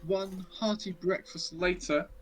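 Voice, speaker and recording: A man's voice: high voice, fairly even intonation, measured pace. Easygoing male game master. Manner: easygoing, hesitant. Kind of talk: narrating a tabletop game.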